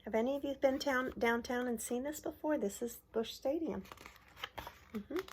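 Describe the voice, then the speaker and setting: Against a noisy background, a middle-aged woman who runs a preschool reads a picture book aloud to young kids at story time, speaking at a normal pace in a high-sitting voice. She shows the pages, points at the pictures, asks questions, and goes bright and over-the-top for cheers.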